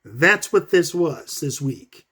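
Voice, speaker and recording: A man giving a casual, profane commentary rant as a vlogger, talking in fast bursts. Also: on the high side. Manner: profane, animated, fast bursts, acts out quotes.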